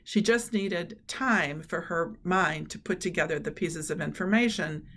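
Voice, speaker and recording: A woman's voice: on the low side, measured pace, fairly bright tone. A middle-aged woman giving a webinar presentation on learning, talking in an earnest, explanatory way with frequent fillers. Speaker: presenter on cognitive training.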